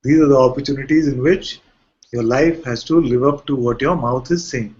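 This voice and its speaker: A man's voice: medium pitch, normal speed, darkish tone, slightly rough. A man who is a spiritual teacher, giving a conversational talk to a gathering and often asking rhetorical questions. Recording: muffled lo-fi recording.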